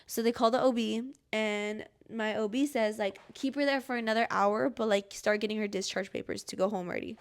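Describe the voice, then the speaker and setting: Speaking fairly quickly with few pauses, a young woman podcast host tells a personal story in a mid-range, fairly even voice. She rambles casually, peppers everything with "like," and reenacts the cries and pleas she once made.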